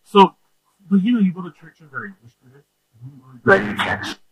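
Slow-talking bright-voiced male preacher. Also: high-pitched, breathy edge, no room sound, poor audio. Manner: animated, acts out scenes with shouts and voices. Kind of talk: storytelling sermon.

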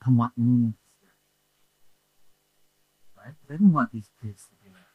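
A male preacher telling a story in a sermon, animated and acting out the scenes with shouts. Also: medium pitch, unhurried, slightly rough, no room sound, rough recording.

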